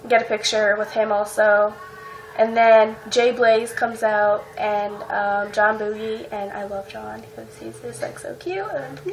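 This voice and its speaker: Teen girl vlogger, gushing storyteller, a bit high-pitched, faint noise behind. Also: poor audio. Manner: excited, fills speech with "like" and "um". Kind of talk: casual storytelling to camera.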